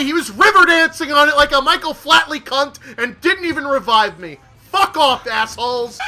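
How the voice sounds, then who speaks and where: A man streaming a shooter game, yelling and swearing in fury at his teammates and the game. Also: very high-pitched, expressive, moderate pace, few pauses. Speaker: gaming streamer. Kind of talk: angry live gameplay commentary.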